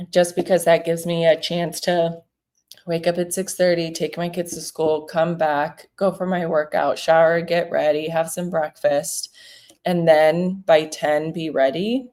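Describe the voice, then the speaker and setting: A relaxed woman in her thirties chats on a livestream from her home office, her voice sitting low. She talks easily and acts out short phone calls in little voices as she goes. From South Florida. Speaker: real estate broker hosting a livestream. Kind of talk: casual livestream advice chat.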